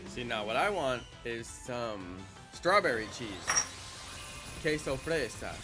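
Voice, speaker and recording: Unhurried and lively in intonation, this mid-range-voiced streamer chats casually with his audience during a live gaming session. He drifts between silly asides, laughing at his own jokes, as game music plays underneath.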